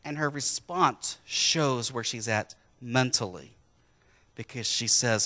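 Man, pastor, from Wisconsin, sermon, conversational, joking with the congregation, bright voice, church. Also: medium pitch, takes it slowly.

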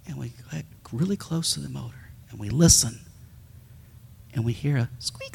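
A man, a pastor, telling a story in a sermon as an animated storyteller who acts out the sounds. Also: mid-range voice, normal speed, vocal fry, long pauses, breathy edge, long reverb tail.

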